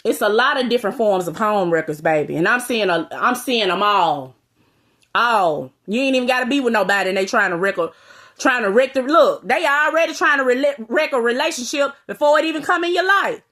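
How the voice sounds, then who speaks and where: A woman vlogger with a fairly bright, higher voice rants straight to camera, talking a little fast with expressive delivery. She is blunt and profane, calling out listeners with "you hear me?"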